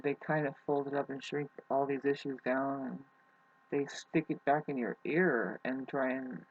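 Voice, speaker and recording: Husky voice, soft and quiet, hesitant rambling vlogger, dull lo-fi recording. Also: medium pitch, fairly even intonation, normal speed. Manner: hesitant, with many restarts. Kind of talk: rambling spiritual musing.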